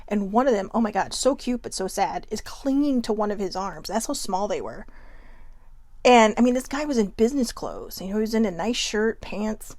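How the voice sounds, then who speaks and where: A woman's voice: mid-range voice, big pitch swings, brisk, hardly any pauses, a little mellow, no room sound. Chatty, emphatic woman vlogging in a dry room. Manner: chatty and emphatic, with frequent laughs and asides. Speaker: vlog host. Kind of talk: casual motivational vlog talk.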